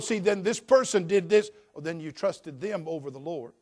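Middle-aged preacher guy, bit of a high voice, gets loud then goes quiet and slow for emphasis. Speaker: pastor. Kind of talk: sermon.

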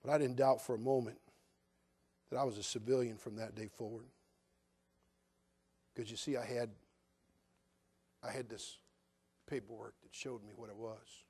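A man's voice: mid-range voice, fairly even intonation, normal speed, long pauses, a little mellow, slightly rough. An older man from California, a pastor preaching a sermon in an earnest, direct way and addressing his listeners as friends.

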